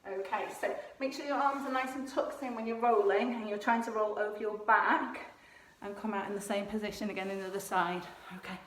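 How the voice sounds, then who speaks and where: Brisk and fairly even in intonation, this medium-pitched woman leads a home exercise lesson for kids, showing every gymnastics move while she talks them through it encouragingly and occasionally getting winded. The room echoes, her voice comes from afar, and there's a little hiss or hum.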